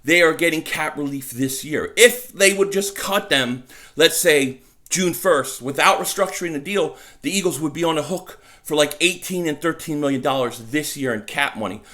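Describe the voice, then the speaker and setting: A man gives casual fan commentary from his home mic. His voice sits a little high and comes across bright and forceful. He gets worked up easily, stammers and repeats phrases as he goes. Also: normal speed. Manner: excitable, repeats himself, stumbles over words. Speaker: sports vlogger. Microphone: desk mic.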